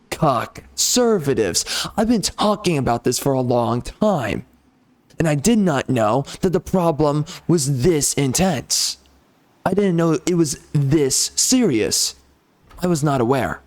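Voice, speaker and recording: A man from the United States delivering an angry, sarcastic monologue rant on a gaming channel, indignant and emphatic. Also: on the high side. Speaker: gaming video host.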